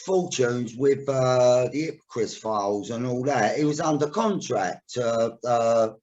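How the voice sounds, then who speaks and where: A man's voice: mid-range voice, slow, a little mellow, dull audio. A man, hosting a podcast and telling stories in a chatty way, with casual swearing. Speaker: podcast host.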